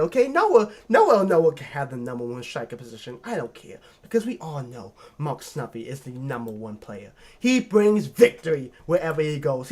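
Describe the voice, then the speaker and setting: A man hosting a video, ranking characters in a lively, profane, joking rant. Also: a little high. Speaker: video host. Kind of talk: casual ranking commentary.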